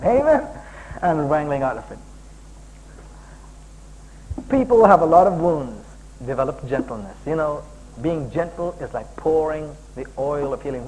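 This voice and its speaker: Animated high-pitched preacher man from India. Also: slight background noise, rough recording. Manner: animated, jokey, bursts into high emphatic exclamations. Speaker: guest preacher. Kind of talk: sermon.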